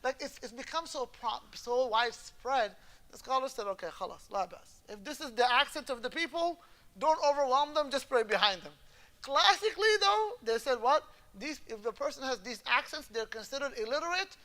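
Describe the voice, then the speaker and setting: A man's voice: extremely high pitch, lively intonation, normal speed, bright, forceful tone. A man teaching a class on Islamic law in a conversational lecture. He explains patiently, switches easily into Arabic terms and keeps asking whether the class is following. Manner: explains patiently, often checks the class understands; moves easily between English and Arabic terms.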